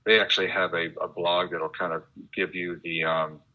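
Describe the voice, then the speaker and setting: A man talking as a guest in a casual interview, chatty and animated, explaining things at length. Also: low-pitched, moderate pace. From United States. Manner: chatty, animated, laughs while imitating sounds. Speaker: guest, radio enthusiast and author. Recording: dull lo-fi internet call audio.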